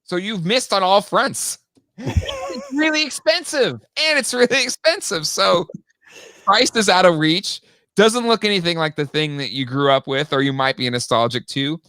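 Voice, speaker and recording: A man co-hosting a casual podcast chat, talking in an animated way and reading out listener comments. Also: normal speed, clear, resonant tone, no echo. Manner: animated, jumps high in pitch when exasperated. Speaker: podcast co-host.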